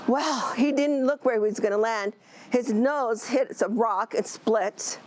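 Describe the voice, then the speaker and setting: Woman storyteller, animated and expressive, fairly high voice, faint live ambience behind. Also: measured pace, a little hiss or hum, poor audio. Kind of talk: oral storytelling to an audience.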